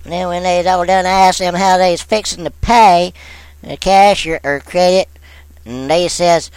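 A man's voice: high-pitched, a little slow, clean tone, no room sound, rough recording. A man telling a comic witness story in a folksy drawl with rustic grammar. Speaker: on-scene witness.

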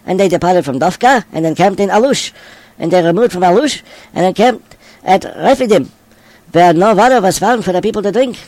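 A man with a rather high voice recites scripture at a steady, even pace. The sound is close and dry, with no room echo. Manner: steady, measured recitation of place names. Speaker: rabbi reading scripture. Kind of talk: scripture reading.

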